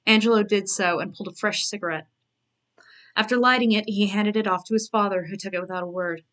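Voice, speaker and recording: A woman's voice: medium pitch, steady tone, fairly quick, a bit bright. A woman author reading her own novel aloud on a live stream, breaking off for self-mocking asides.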